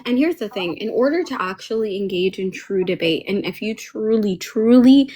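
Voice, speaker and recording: A woman panelist in a casual chat, an animated, profane storyteller who uses a lot of slang. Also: medium pitch, moderate pace.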